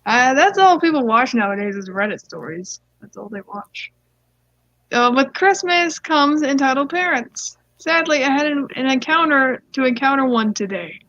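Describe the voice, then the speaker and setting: A woman's voice: high voice, animated, moderate pace, fairly bright tone, no room sound. A young woman casually reading online stories aloud, giggling and rambling off into side comments. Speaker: story reader. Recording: dull lo-fi dry mic.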